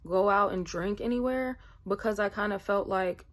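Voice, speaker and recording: A woman's voice: medium pitch, moderate pace. A woman vlogger telling a personal story in a casual, rambling way, full of fillers. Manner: chatty, rambling, many fillers.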